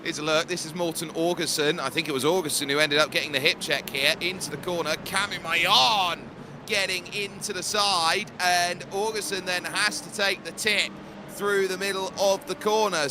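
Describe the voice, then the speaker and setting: A man calling an online race as lead commentator, energetic and rapid-fire in his play-by-play. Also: high voice, background noise.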